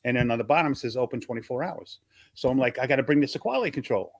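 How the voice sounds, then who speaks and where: A man's voice: mid-range voice, rapid-fire, dry recording. An older man, a comedian from Long Island, telling stories from his early days in a casual interview and acting out the voices of the people in them. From Long Island, New York.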